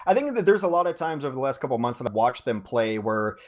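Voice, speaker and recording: A man's voice: medium pitch, big pitch swings, fast. A man co-casting an esports match in a loose, conversational way, with plenty of "you know" and restarts. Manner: conversational, frequent fillers and restarts. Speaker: esports co-caster. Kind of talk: esports commentary.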